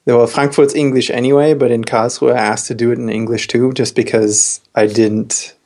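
A man in casual podcast chat, thoughtful and hesitant, pausing and restarting as he talks. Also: mid-range voice, little pitch movement, darkish tone. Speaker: podcast co-host.

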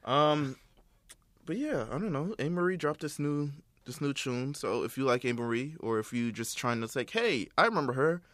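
A man's voice: mid-range voice, lively intonation, normal speed, fairly bright tone, dry recording. A young man co-hosting a casual podcast, laid-back and profane, laughing often. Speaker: podcast co-host.

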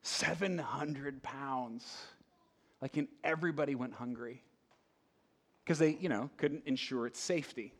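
A man preaching a conversational sermon, asking the room rhetorical questions and swinging between loud emphasis and hushed asides. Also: medium pitch, moderate pace. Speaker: pastor.

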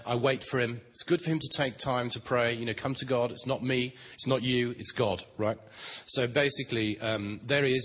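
A man with a mid-range voice teaches on prayer at a Christian conference, keeping it plain and conversational with dry humor. Recorded in a large conference hall, the sound is dull and reverberant with slight background noise.

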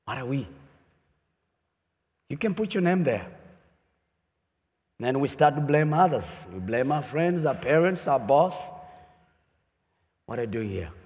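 A man preaching a sermon as pastor, lively and emphatic, often voicing pointed questions. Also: on the high side, measured pace, pauses often. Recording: long hall reverb.

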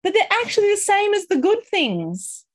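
A woman coaching a group on a call, upbeat and encouraging, talking through feelings and sometimes acting out excitement. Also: very high voice, moderate pace, no room sound. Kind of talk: motivational coaching talk.

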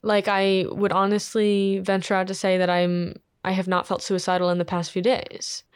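A young woman co-hosting a podcast, talking frankly and in a laid-back, drawn-out way at her desk microphone. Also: medium pitch, completely flat delivery, clear, resonant tone, no echo, clean studio sound. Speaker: podcast co-host. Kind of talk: casual chat.

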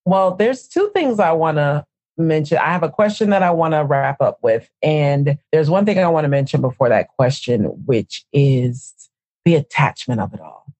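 A woman co-hosting a casual conversation, telling family stories in an expressive, animated way. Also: deep voice, moderate pace, no echo. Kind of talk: casual chat.

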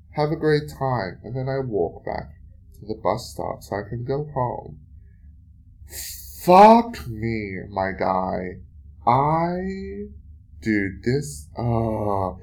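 A man's voice: mid-range voice, a little mellow. A man hosting his own podcast, telling a story in a casual solo monologue, swearing often and venting with exasperation between many fillers. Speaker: podcast host.

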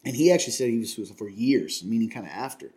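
A man's voice: mid-range voice, racing, dark tone. A man from Kentucky hosting a casual chat, earnest and confiding, rambling with many restarts.

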